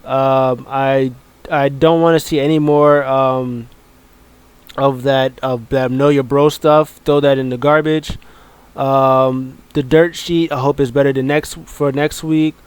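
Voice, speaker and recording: A man's voice: medium pitch, steady tone, slow, smooth, no echo. A man casually recapping a wrestling show, rambling with many ums and uhs and joking along the way.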